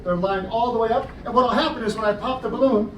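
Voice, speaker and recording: A man's voice: extremely high pitch, quick pace. A man entertaining a library audience as a juggler, joking and explaining each trick step by step, recorded from a camera out in the audience. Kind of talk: live stage show patter. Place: library program room, indoors. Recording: roomy, distant, noisy audience recording.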